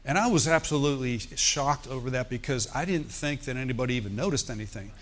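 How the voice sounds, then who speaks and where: A man's voice: medium pitch, fast, a bit bright. Man, pastor, church sermon, personal story, emphatic exhortation.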